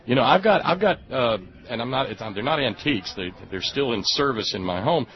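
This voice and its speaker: A man speaking haltingly in a casual radio discussion, with many fillers and a gravelly voice. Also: mid-range voice, lively intonation. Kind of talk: casual radio interview talk. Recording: dull lo-fi radio audio.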